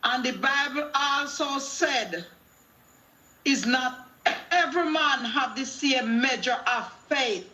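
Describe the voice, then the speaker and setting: A woman's voice: high-pitched, takes it slowly, bright, forceful tone. A middle-aged woman with a Jamaican accent, calling in to a talk show with a preachy testimony that quotes scripture and acts out dialogue in patois. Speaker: caller.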